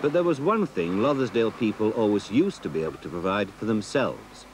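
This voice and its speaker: A man narrating a documentary in a measured, expressive way. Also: on the low side, very noisy. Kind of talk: scripted narration.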